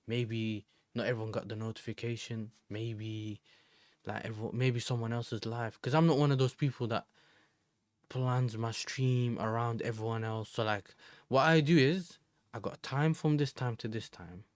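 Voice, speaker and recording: A man's voice: medium pitch, fairly even intonation, normal speed, no room sound, studio quality. A young man from the Netherlands, chatting casually and rambling in slang as a football live-streamer.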